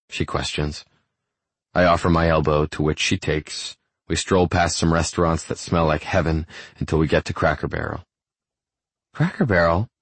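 A man narrating a first-person romance novel in a calm, measured way. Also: rumbling low, breathy edge, no room sound. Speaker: audiobook narrator.

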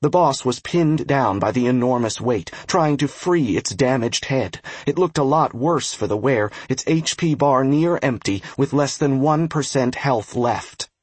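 Husky man narrating an audiobook. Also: mid-range voice, animated, a little slow, hardly any pauses, dry recording. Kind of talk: scripted narration.

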